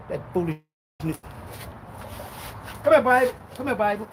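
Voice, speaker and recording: Male preacher, high-pitched, fiery and confrontational, reads scripture slow and hard. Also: expressive, slight background noise. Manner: fiery, rhetorical, jabbing questions at listeners; reads scripture slowly and forcefully. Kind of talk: live-streamed street-style sermon.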